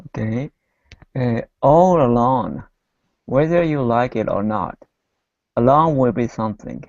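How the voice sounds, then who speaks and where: Slow-reading man in an English class. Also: mid-range voice, vocal fry, a little mellow, dry recording, highs cut off. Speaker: student. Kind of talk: reading aloud in a language class.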